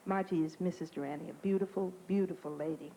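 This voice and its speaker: A woman's voice: fairly low pitch, fairly even intonation, a little fast, warm tone, rough recording. A woman comedian telling stories as a talk show guest, chatty and theatrical, dropping into impressions. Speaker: comedian and singer. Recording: old 1980 TV broadcast with audience noise.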